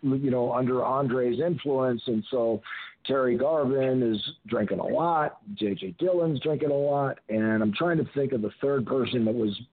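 An older man calling into a show, spinning a long, rambling road story full of restarts and asides. His voice sits at an ordinary middle pitch. It comes through a thin, tinny phone line. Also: moderate pace, no echo. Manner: rambling anecdotes with frequent restarts. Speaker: guest, retired wrestler. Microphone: telephone.

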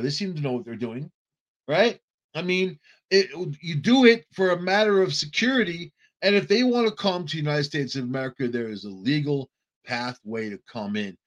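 A man's voice: on the high side, fairly bright tone. A man delivering a heated, sarcastic political commentary monologue, often restarting his phrases.

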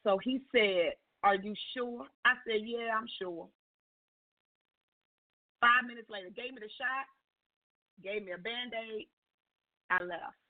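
A woman's voice: slow, pauses often. Woman telling a story down a phone line. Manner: expressive, acts out dialogue with big pitch jumps. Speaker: call-in guest sharing a testimony. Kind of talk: animated storytelling on a call-in show. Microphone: telephone.

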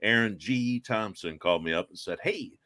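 A man's voice: on the low side, moderate pace, sharp tone, no echo, studio quality. A man as a guest in a casual interview, telling stories in a jokey, rambling way and laughing often. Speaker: guest paranormal investigator.

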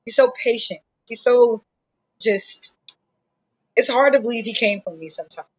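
A woman chatting on a podcast, speaking openly and warmly about her young son. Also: fairly high pitch, moderate pace, husky, poor audio. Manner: heartfelt and open, talking at length about her son. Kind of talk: casual chat.

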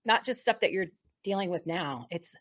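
Rambling, excitable woman co-host. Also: on the low side, moderate pace. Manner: rambling and excitable, many restarts and laughs. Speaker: co-host of a faith talk show. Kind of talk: casual spoken introduction.

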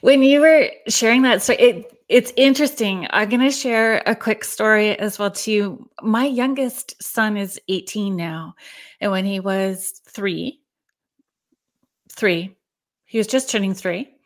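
A woman in her forties hosts a live show in a friendly, chatty way. Her pitch sits in the middle, and she keeps the tone easy as she greets viewers and tells a story of her own. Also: a little slow. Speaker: podcast host. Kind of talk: casual chat.

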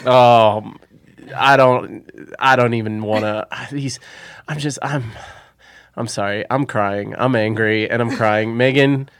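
A man playing a loud, excitable bro in an improv comedy scene who quickly turns angry or tearful. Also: high-pitched, dry recording, clean studio sound. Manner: shouty, bro-ish.

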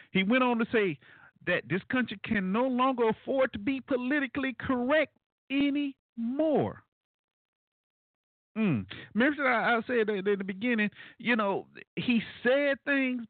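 A man hosting a call-in radio talk show, commenting alone in a casual, animated way with many fillers and asides to his listeners. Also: very high-pitched, no room sound. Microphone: phone line. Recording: tinny phone-line radio, dry.

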